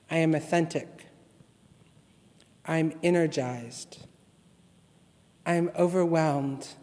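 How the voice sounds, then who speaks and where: A man serving as guest minister, reading a litany and a poem aloud in worship with a slow, measured, solemn delivery. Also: fairly high pitch, darkish tone. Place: church sanctuary. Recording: long reverb from a large hall.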